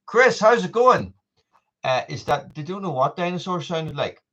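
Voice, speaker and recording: A man's voice: a little high, expressive, moderate pace, fairly bright tone. Guy rambling on his live stream, saying hi to viewers, dull lo-fi audio. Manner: rambling, chatty, greets viewers by name. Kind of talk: casual live stream chat.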